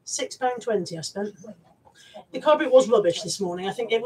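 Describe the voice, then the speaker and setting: A woman's voice: mid-range voice, animated, a little fast, mellow, slight background noise, low-quality recording. A middle-aged woman chatting casually on a live stream, reading out viewer comments and talking about her resale stock. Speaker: vlogger and reseller.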